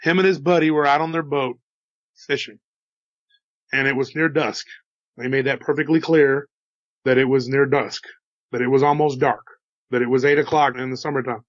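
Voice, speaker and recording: A man with a faint Texas drawl tells a story in a loose, folksy way, turning aside to talk straight to his listeners. His voice sits at an ordinary pitch. The recording is dry and a bit muffled. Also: fairly even intonation, moderate pace, long pauses, dry recording. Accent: slight Texas drawl. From Texas, USA. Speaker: host telling encounter stories. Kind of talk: casual storytelling.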